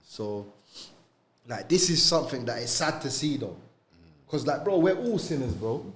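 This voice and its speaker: A man's voice: medium pitch, expressive, moderate pace, fairly bright tone. Young man, slangy podcast talk. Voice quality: street slang, lots of "bro" and "you get me". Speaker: podcast co-host. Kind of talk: casual religious discussion.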